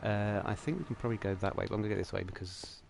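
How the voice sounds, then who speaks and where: A young man hosts a game livestream in casual, rambling commentary. His voice sits a little low, and he keeps the talk light and jokey. A faint hiss runs under the recording. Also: racing, gravelly, darkish tone. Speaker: livestream host.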